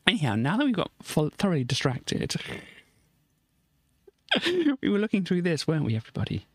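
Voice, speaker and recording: A woman streamer chatting casually on a live stream while ill, soft and hesitant with many fillers. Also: lowish voice, huge pitch swings, normal speed, husky, no echo. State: ill, low on breath.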